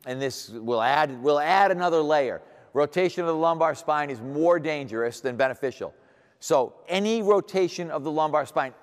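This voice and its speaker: A man in his sixties giving a seminar lecture as a strength coach, blunt and emphatic, asking rhetorical questions. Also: medium pitch. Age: 60s. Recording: echoey hall reverb.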